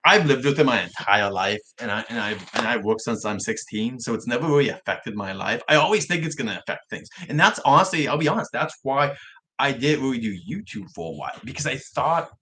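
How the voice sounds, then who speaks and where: A young man whose R's come out soft, like W's, chatting casually on a livestream vlog with frequent restarts. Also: mid-range voice, expressive, a little fast. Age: young adult. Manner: rambling, self-correcting talk with frequent restarts. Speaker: livestream vlogger.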